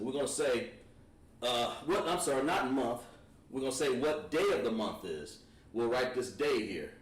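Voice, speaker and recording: A man teaching a Hebrew class at a board, patient and encouraging, repeating words slowly. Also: mid-range voice, lively intonation. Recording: echoey room, voice from far off.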